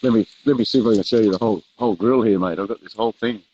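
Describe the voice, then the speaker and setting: A man's voice: on the low side, racing, warm tone, muffled recording, slight background noise. A man co-hosting a live barbecue show, chatting casually and laughing easily while he grills. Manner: easygoing, laughs often, says "mate".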